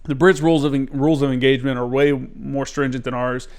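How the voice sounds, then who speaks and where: A man hosting a podcast, telling stories in an animated, casual way and swearing freely. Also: medium pitch, fast, smooth. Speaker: podcast host. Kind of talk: casual conversation.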